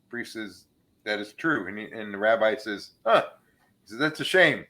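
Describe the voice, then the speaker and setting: A man's voice: lowish voice, expressive, normal speed, sharp tone. A man hosting a casual podcast, telling jokes and laughing at his own punchlines. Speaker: podcast host.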